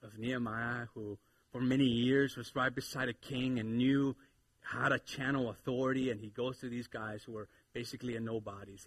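A man in his thirties preaching a sermon in church, animated and playful, swinging between loud exhortation and quiet asides. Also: medium pitch, brisk, slight background noise. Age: 30s. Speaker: pastor. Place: church sanctuary with congregation.

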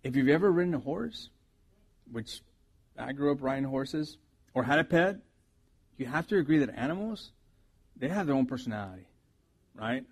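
A middle-aged man, a pastor, preaching a sermon with animated storytelling, his loudness swinging from soft asides to loud bursts. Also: medium pitch, normal speed, pauses often, slightly rough.

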